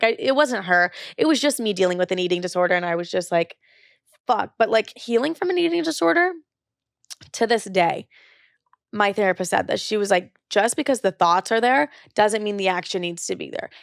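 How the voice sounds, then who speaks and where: A woman's voice: mid-range voice, no echo, clean studio sound. A young woman in her twenties hosting a podcast, telling her own story in a candid, confessional way, with many casual fillers. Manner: candid, confessional, says "like" often. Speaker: podcast host. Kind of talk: personal storytelling.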